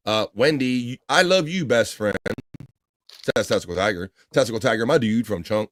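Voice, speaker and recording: A man's voice: mid-range voice, expressive, moderate pace, background noise. A man from the Baltimore area with a Baltimore accent, hosting a casual livestream and reading viewer comments aloud in an easygoing, chatty way. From Baltimore area, United States. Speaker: livestream show host.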